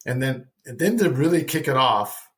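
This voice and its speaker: A middle-aged man telling a personal faith story as a podcast guest, lively and acting out the dialogue he recounts. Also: mid-range voice, normal speed. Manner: animated storyteller who acts out dialogue.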